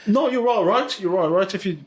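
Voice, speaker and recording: A man's voice: high-pitched, brisk, breathy edge. Black Country man, ex-boxer guest; easygoing chatter, leans on "you know". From Smethwick, Black Country, England. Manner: chatty, repeats phrases, many "you know"s. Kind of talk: casual podcast chat.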